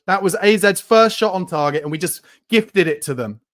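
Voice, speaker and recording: A man's voice: high-pitched, normal speed. A man hosting a live fan watchalong, giving play-by-play and angry, swearing rants about his team. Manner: angry, swearing, shouts in bursts. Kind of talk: live match reaction and commentary.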